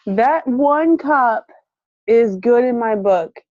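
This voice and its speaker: A woman's voice: fairly high pitch, slow, no room sound. A woman telling a story in casual chat, laughing often and acting out the quotes of the people in it. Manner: animated, laughing, acts out quotes. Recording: muffled lo-fi, dry.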